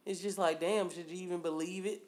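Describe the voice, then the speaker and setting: A woman co-hosting a casual chat, relaxed and blunt, with slangy remarks and frequent laughter. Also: on the low side, a little fast. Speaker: podcast co-host.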